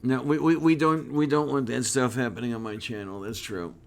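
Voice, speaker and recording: A man's voice: medium pitch, steady tone, a little fast, creaky. A man hosting the channel in casual chat, emphatic in his opinions. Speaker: channel host.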